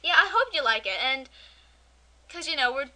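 A young woman co-hosting an amateur podcast, chatting casually and ranting with animated energy. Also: sits high. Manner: chatty, animated, quick to rant. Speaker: podcast co-host.

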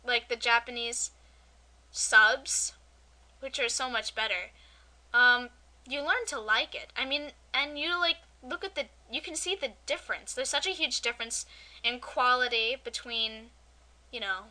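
A young woman co-hosts a casual amateur podcast, talking in a high voice. Her tone is very bright and sharp. She chats fast and easily slips into animated rants. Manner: chatty, animated, quick to rant. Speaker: podcast co-host.

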